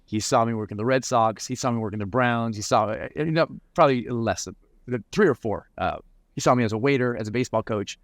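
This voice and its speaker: A man's voice: medium pitch, lively intonation, fast talker, no echo, studio quality. A man answering interview questions as a mental performance coach, reflective and often repeating words as he starts a thought.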